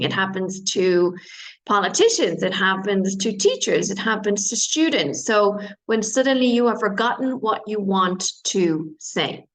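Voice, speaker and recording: A woman English teacher giving an online lesson, explaining slowly, repeating phrases and glossing words. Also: mid-range voice, low-quality recording. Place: based in Spain.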